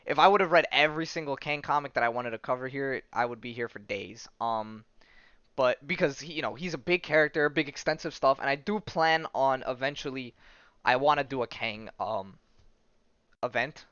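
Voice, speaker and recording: A man in a casual podcast monologue speaks in a smooth, clean voice at a middle pitch. He keeps a loose, chatty flow, with plenty of fillers and the odd curse word. The recording is dry and a little dull. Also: moderate pace, fairly bright tone, dry recording. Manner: loose and chatty, many fillers, tag questions and swearing. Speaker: podcast host. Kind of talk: casual podcast monologue retelling a comic story.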